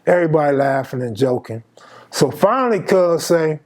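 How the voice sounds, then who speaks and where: A man's voice: a little high, moderate pace. A man in his fifties from Los Angeles telling a personal story in casual, slangy street talk, acting out the dialogue. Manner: slangy, animated, acts out dialogue. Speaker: storyteller host.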